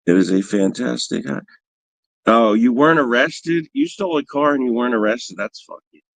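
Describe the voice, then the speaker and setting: A man's voice: medium pitch, animated, moderate pace, creaky, dry recording. A man hosting a livestream, telling rambling, profane, self-mocking stories and answering viewers in casual chat. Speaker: livestream host.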